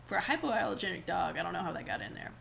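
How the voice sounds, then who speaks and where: A woman's voice: lowish voice, sing-song, rapid-fire, creaky, fairly bright tone, slight background noise, poor audio. A young woman in her twenties, co-hosting a podcast in casual, chatty, slangy talk. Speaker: podcast co-host. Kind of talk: casual chat.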